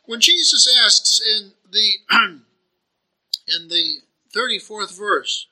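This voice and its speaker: A man's voice: high-pitched, very animated, slow pace, sharp tone, rough recording. A man preaching a sermon, earnest and searching, asking rhetorical questions and often restarting his phrases.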